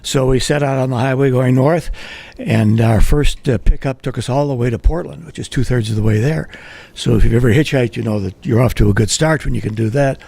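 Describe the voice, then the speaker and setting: A man telling a funny personal story live with wry, deadpan delivery. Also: medium pitch, fairly quick, gravelly, no room sound. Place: live event at a writers' center.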